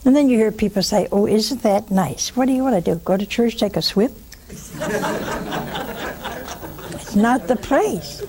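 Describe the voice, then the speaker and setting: Older woman, call-in host; emphatic, scolding, higher-pitched. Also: animated, moderate pace, long pauses, breathy edge. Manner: emphatic, scolding, mocking then hushed. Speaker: host of a religious call-in show. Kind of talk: call-in talk, preaching.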